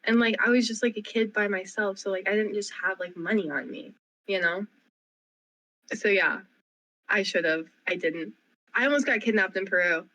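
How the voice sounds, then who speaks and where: A young woman co-hosting a casual radio chat, telling a story in an animated, rapid way full of "like". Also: medium pitch, rough recording. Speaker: co-host. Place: radio studio.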